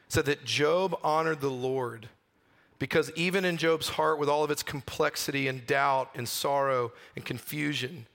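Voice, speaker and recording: Earnest preacher man, slightly high voice. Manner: earnest, varies pace, slows and softens on key phrases. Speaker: pastor. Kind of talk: sermon.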